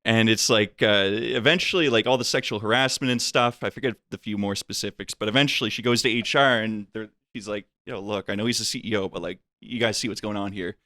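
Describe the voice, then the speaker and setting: A man casually telling a long story on a podcast, acting out the people in it with big jumps in pitch. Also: fairly quick, hardly any pauses, no room sound. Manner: animated, acts out voices with big pitch jumps. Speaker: podcast guest.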